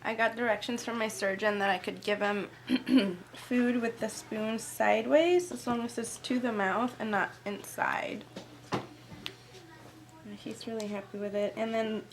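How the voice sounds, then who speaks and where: A young mother filming a casual hospital vlog in a hospital room, speaking softly and tiredly from lack of sleep, on a handheld camera. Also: fairly high pitch, unhurried, slight background noise, low-quality recording. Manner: soft, hushed, tired. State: sleep-deprived. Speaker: vlogger and mother.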